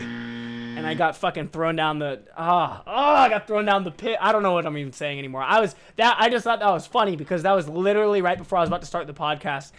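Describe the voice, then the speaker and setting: A high-voiced young man hosting a podcast in a casual storytelling monologue. He is animated and self-mocking, and he swears freely. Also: fast. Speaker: podcast host.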